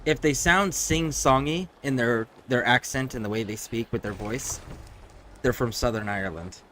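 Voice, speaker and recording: A man's voice: mid-range voice, moderate pace, fairly bright tone, a little hiss or hum. A man streaming a video game, talking casually and rambling through his thoughts with frequent restarts. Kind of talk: casual gameplay commentary.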